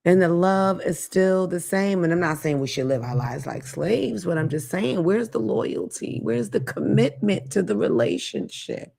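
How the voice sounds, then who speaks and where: A woman's voice: on the low side, normal speed, gravelly, few pauses. A woman hosting her own talk show, ranting casually with blunt, profane commentary. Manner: blunt, profane, animated rants. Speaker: podcast host.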